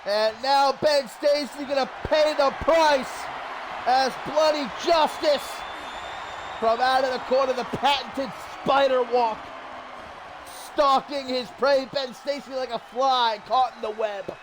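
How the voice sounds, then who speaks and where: High-pitched excitable wrestling commentator, man. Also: slow. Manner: excitable, shouts big moments. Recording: loud crowd and noise behind. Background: cheering crowd.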